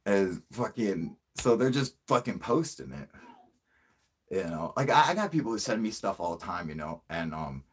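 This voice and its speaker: Animated, husky man, swearing and excitable. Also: low voice, normal speed. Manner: profane, excitable storyteller who laughs often. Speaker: channel host. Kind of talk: casual livestream chat.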